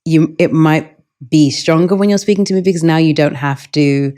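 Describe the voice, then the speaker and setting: London woman chatting as a guest, relaxed and thoughtful, lots of um and like. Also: low voice, normal speed. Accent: London English. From Stockwell, London, England. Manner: thoughtful, relaxed, many fillers. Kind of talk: conversational interview.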